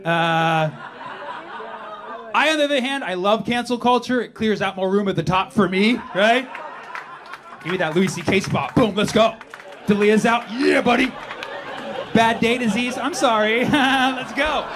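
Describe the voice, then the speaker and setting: A man doing a brash, animated stand-up set with crowd work on a comedy club stage. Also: high-pitched, noisy background. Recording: live club recording with loud crowd. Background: audience laughter.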